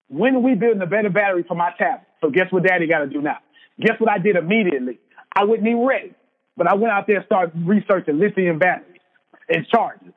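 A man in his thirties giving an emphatic motivational speech, hammering points home by repeating them. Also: high-pitched. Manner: preachy, emphatic, repeats lines for effect. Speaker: motivational speaker. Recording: tinny phone-like sound with long hall reverb.

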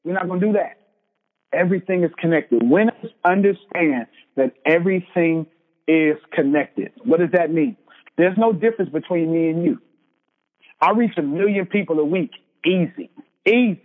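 A man's voice: a little high, moderate pace. A man in his thirties giving an emphatic motivational speech, hammering points home by repeating them. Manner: preachy, emphatic, repeats lines for effect. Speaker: motivational speaker. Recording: tinny phone-like sound with long hall reverb.

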